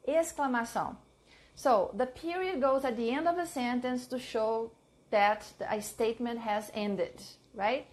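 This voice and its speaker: A Portuguese-speaking woman with a Brazilian accent, an English teacher giving a live online lesson, repeating phrases slowly for learners and mixing in Portuguese. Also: on the high side. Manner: switches between English and Portuguese.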